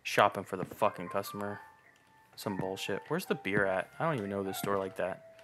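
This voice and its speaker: A young man with a fairly low voice rambles through let's play commentary, swearing freely and sarcastic about everything he sees. Faint game music plays behind his voice. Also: a little fast. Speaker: gamer.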